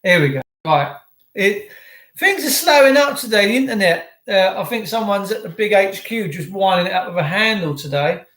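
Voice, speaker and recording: A high-voiced man chats loosely to his livestream viewers, greeting them by name and wandering from topic to topic. His voice rings around an echoey room. The talk stays casual and rambling throughout. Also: animated, moderate pace, a bit bright. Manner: chatty, rambling banter with viewers. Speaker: livestream host.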